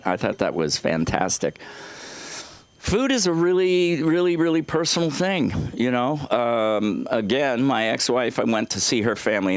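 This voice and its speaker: A man's voice: mid-range voice, no echo. Middle-aged guy rambling thru a stand-up set, voice jumps all over, dry close mic. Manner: rambling, halting delivery with many fillers and restarts. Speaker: open mic comedian. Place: small comedy club stage.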